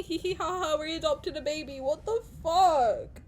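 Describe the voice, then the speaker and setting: Young woman, streamer, crying, laughing through tears, high voice, swears a lot. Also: moderate pace, a bit bright. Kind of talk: live reaction stream, casual chat.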